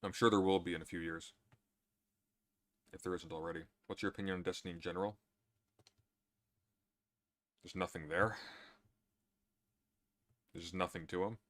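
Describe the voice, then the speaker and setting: Very deep-voiced man, dry and sardonic. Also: steady tone, moderate pace, pauses often, fairly bright tone. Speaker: streamer answering chat questions. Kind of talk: casual livestream chat.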